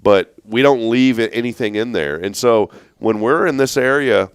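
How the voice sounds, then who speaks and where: A young father co-hosting a talk show, telling warm stories about his small children and imitating what his daughter says. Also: medium pitch, moderate pace, clean tone, no room sound, studio quality. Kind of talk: casual chat, telling family stories.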